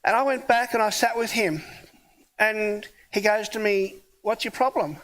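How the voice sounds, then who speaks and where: A man's voice: sits high, fairly even intonation, normal speed, a bit bright. A man who is a pastor, preaching a sermon in a conversational storytelling way and acting out the dialogue of his story. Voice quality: hard of hearing.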